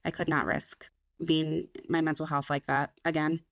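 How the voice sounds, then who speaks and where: A young woman speaks in a frank, unfiltered way on a podcast, swearing often and acting out her own past thoughts. Her voice sits low and has a gravelly fry to it. The sound is dry and close, with no room echo. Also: flat delivery, moderate pace, fairly bright tone. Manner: frank, swears freely, quotes herself in voices. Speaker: podcast co-host. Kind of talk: candid casual chat.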